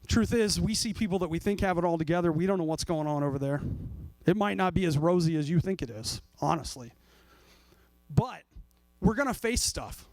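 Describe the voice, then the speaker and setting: A pastor preaching in a loose, conversational way, his voice pitched high for a man. He jokes and slips into mock voices of the people he describes. The sound is close and dry, with no room around it. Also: lively intonation, fairly quick, a little mellow, dry recording. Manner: jokey, acts out voices of people and God. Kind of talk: casual conversational sermon.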